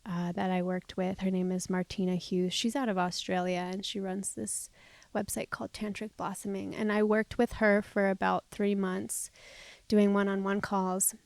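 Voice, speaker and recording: Brief: woman podcast host, reflective storyteller, gravelly fry, dry close mic. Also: mid-range voice, flat delivery, moderate pace, dry recording. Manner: open and reflective, shifting between soft and emphatic. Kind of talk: candid personal storytelling.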